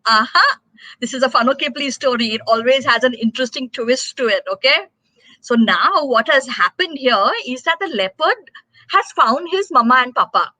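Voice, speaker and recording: A woman telling a story to children in a live session, animated and asking them questions. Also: high-pitched, moderate pace, no room sound, low-quality recording. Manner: animated, asks kids questions.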